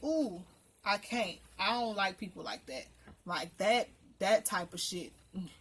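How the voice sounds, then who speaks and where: A woman's voice: medium pitch, a little slow, a bit bright, breathy edge. A woman recapping a reality TV episode in casual commentary, blunt, profane and indignant. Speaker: reality TV reviewer.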